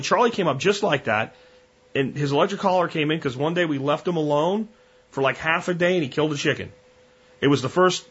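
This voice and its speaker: A man's voice: mid-range voice, a bit bright, breathy edge, lo-fi sound. A man hosting a podcast, talking bluntly and conversationally with frequent restarts. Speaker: podcast host. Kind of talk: casual monologue.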